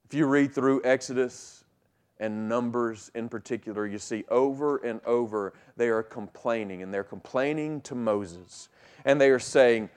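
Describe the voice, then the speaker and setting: A pastor preaching a sermon with emphatic delivery, repeating key lines and swinging from loud to hushed. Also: male voice, medium pitch, moderate pace, smooth.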